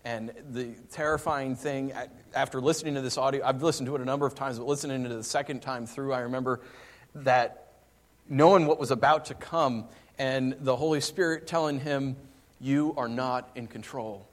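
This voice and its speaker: A male pastor preaching a sermon, dropping to hushed, slow lines and then rising into fervent, pleading passages. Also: medium pitch, fairly even intonation.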